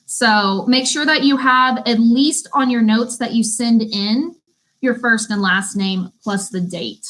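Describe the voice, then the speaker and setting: Brief: young woman, beauty school instructor on a live stream, friendly and chatty, a bit high-pitched. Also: a little slow, fairly bright tone, rough recording. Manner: chatty, reads out viewer comments. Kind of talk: casual live-stream class.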